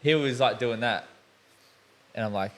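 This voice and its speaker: A man's voice: medium pitch, moderate pace, fairly bright tone. A young man, hosting a podcast and telling rambling, sweary stories in casual chat. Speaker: podcast host.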